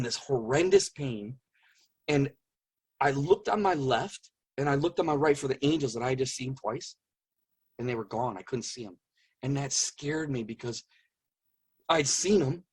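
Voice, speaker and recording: Middle-aged guy telling his story, kinda husky, earnest, repeats stuff for emphasis, gets real quiet sometimes. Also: a little high. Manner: earnest, repeats phrases for emphasis, drops to a hush at intense moments. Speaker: guest telling his near-death experience. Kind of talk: emotional storytelling in an interview.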